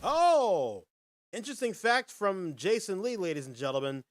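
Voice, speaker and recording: Lively, animated male podcast host. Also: high-pitched, brisk, soft background music. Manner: animated, folksy, addresses viewers directly. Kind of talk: casual live-stream chat and quiz.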